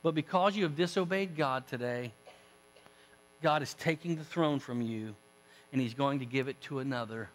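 A pastor voicing a solemn old male prophet who rebukes a king in a slow, hushed, stern warning. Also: sits high, in a large hall, low-quality recording.

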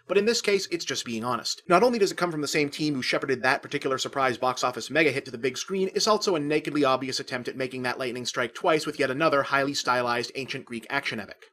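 A man's voice: mid-range voice, a bit bright. A man delivering a scripted film review, with a sardonic, snarky edge. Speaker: film critic.

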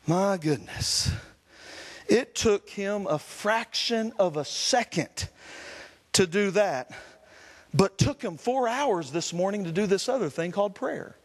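A man's voice: sits high, expressive, a little slow, long reverb tail. A man, a Pentecostal pastor, preaching a fervent sermon with repeated refrains. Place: church sanctuary.

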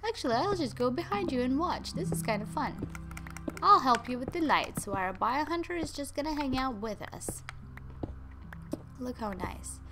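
Young woman gamer, chatty and playful, voice a bit high, music running underneath. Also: lively intonation, moderate pace. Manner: chatty, playful, talks to viewers and her dogs. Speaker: gaming YouTuber. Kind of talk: casual gameplay commentary. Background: game music.

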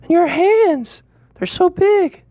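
A woman's voice: very high-pitched, animated, slow, warm tone, no echo, heavily acted. Little Red, a woman doing a chirpy young girl. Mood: curious. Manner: chirpy, sing-song humming.

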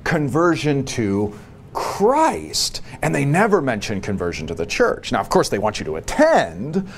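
A man giving a long spoken answer in a book study, emphatic and repetitive, dropping quiet and low on solemn points. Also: huge pitch swings, a little fast, a little hiss or hum. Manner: emphatic, repeats key phrases, many restarts.

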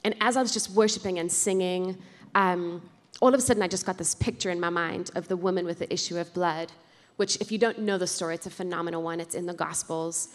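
A woman's voice: on the low side, fairly even intonation, quick pace. A woman sharing a heartfelt testimony at a conference. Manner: earnest, heartfelt. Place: large conference hall. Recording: reverberant hall.

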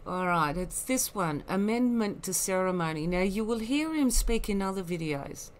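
A woman's voice: mid-range voice, animated, normal speed, slight background noise. A woman giving rambling, critical commentary, full of asides and scorn. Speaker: online commentator.

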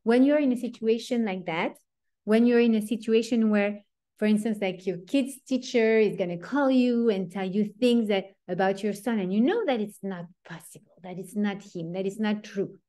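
A woman with a French accent teaching an informal online class over a video call, chatty and animated, often breaking into laughs. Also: mid-range voice, normal speed. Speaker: teacher of a weekly Torah class.

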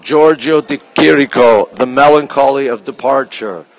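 A man hosting a casual live stream from a phone as he walks through an art museum, reading out artwork titles slowly and greeting viewers by name, sometimes dropping his voice low. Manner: talks low at times to keep quiet. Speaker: livestream host touring a museum. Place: indoor art museum gallery.

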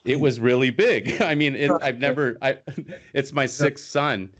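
A man hosting a podcast interview, telling a personal story in a casual, animated way. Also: medium pitch, moderate pace. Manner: animated storyteller, acts out quotes, laughs. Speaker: podcast host.

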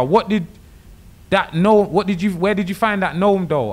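A young man giving excitable, swearing, joking commentary while streaming a horror game. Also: high voice, moderate pace. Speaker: gaming streamer. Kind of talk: horror let's-play commentary.

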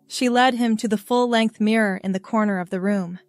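A woman reading a scripted story aloud in a calm, even storybook manner. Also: mid-range voice, a little fast, dry recording, faint music behind.

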